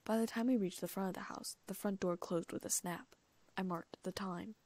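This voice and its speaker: A woman reading first-person fan fiction aloud as an audiobook, in hushed, often half-whispered narration. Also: medium pitch, fairly even intonation, normal speed, dry recording. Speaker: audiobook reader.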